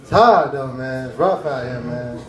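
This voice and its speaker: A man's voice: mid-range voice, lively intonation, normal speed, lo-fi sound. Laid-back young male stand-up comedian. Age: young adult. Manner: laid-back, laughing asides. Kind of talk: stand-up routine. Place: cafe stage. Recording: roomy cafe stage.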